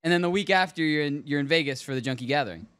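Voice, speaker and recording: Male podcast host, high and lively voice, joking banter, dry studio mic. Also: rapid-fire, smooth, no room sound. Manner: animated, joking. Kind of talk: casual chat. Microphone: studio microphone.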